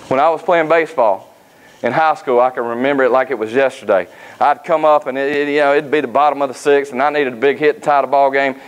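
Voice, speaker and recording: A man, giving a motivational speech at a sales academy. He tells folksy personal stories and pauses often on "uh.". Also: mid-range voice, poor audio. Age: 30s. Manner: folksy, anecdotal, frequent "uh" fillers.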